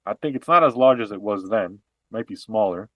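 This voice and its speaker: Animated man explaining politics on a podcast. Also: lowish voice, a little fast, no room sound, muffled recording. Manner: explanatory, animated, frequent restarts and fillers. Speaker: podcast co-host. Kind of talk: casual political discussion.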